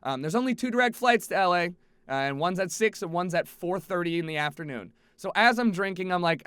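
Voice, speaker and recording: A young man telling a travel story to his audience in a casual, profane, animated way, jumping between exasperated outbursts and low mutters. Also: fairly quick, clean tone, no room sound. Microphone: headset.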